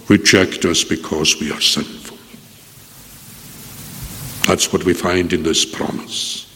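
A man's voice: low voice, steady tone, unhurried, pushed and bright. Earnest man preaching in echoing hall. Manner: earnest pleading, rising and falling. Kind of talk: sermon. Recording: long echo of a hall.

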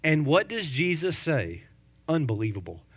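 A male pastor preaching a sermon, lively and conversational, firing off rhetorical questions and joking asides to his congregation. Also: on the high side, normal speed, breathy edge.

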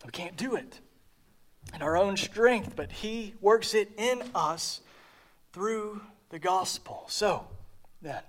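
Male pastor, sermon delivery, light high voice, earnest, repeats phrases, trails off softly. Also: slow pace. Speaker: preacher.

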